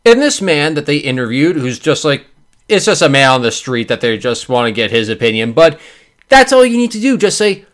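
A man's voice: on the high side, fairly quick. Podcast guy ranting sarcastically, voice jumping up and down all over. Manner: sarcastic, animated, does voices. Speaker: podcast host. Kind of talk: casual commentary.

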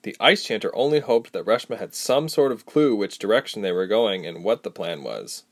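A man's voice: on the low side, normal speed, few pauses. A man narrating a fantasy novel as an audiobook, telling it expressively. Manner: expressive storytelling.

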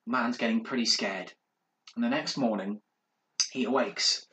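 A man spins a spooky tale for his podcast friends, dropping to a hush to build suspense. His voice is bright and forceful at an everyday pitch, and the room gives a roomy echo. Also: unhurried, pauses often. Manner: dramatic, hushed, building suspense. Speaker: podcast co-host. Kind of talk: casual storytelling.

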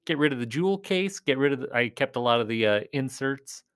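A man's voice: mid-range voice, expressive, fairly quick, fairly bright tone, smooth. A man chatting casually to his viewers while playing a rock video game, joking, self-deprecating and drifting between topics. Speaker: video creator.

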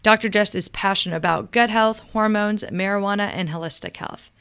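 A woman's voice: medium pitch, fairly quick, gravelly, a bit bright, clear, resonant tone. A woman hosting a podcast, enthusiastic and laughing often in casual conversation. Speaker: podcast host, naturopathic doctor. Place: medical center room.

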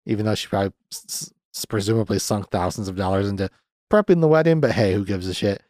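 A man's voice: fairly low pitch, fast, a little mellow, no room sound, clean studio sound. A young man hosting a podcast, recapping a film in a casual, sardonic way, swearing freely with lots of fillers. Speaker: podcast host reviewing a movie.

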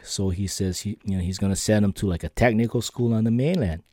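Low, mellow man rambling through a story. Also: fast, no echo, clean studio sound. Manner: rambling storytelling with many fillers and restarts. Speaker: podcast host. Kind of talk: casual personal monologue. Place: lives on an island.

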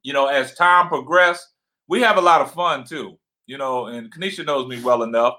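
Loud deep-voiced man, bright tone. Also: moderate pace. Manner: loud, boisterous, passionate. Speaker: livestream co-host. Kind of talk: casual livestream chat. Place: home.

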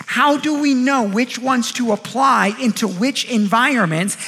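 A man's voice: very high-pitched, fairly bright tone. A man preaching a sermon as pastor, in a casual, conversational way, often acting out the voices of the people he quotes.

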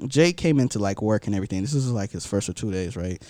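A man's voice: on the low side, animated, fast, dark tone, no room sound. A young man telling a long work story in casual chat, with lots of fillers and restarts. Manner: rambling storytelling with many fillers. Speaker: podcast storyteller.

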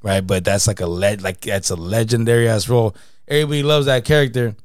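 A man chatting loosely with a friend, his voice sitting low and recorded dry and close. He rambles in slangy bursts, dropping "bro" every few lines. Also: fairly even intonation, quick pace, no room sound. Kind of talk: casual chat.

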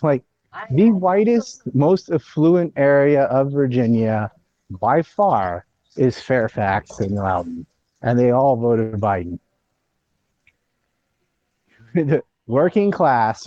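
A man's voice: mid-range voice, warm tone, no echo. Opinionated guy ranting casually, dull lo-fi audio. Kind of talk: casual political chat.

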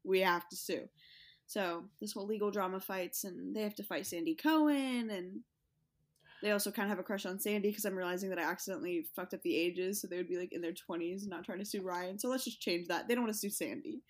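A woman's voice: medium pitch, quick pace. A woman co-host chatting casually and telling a rambling, giggly story. She laughs often and keeps rolling from one idea to the next. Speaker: podcast co-host. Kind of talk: casual chat.

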